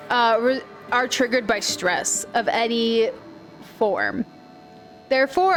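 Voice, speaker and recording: A woman giving casual, rambling commentary while playing a video game and telling stories. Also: on the high side. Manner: chatty, rambling storyteller. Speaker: gaming video creator. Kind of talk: casual let's-play commentary.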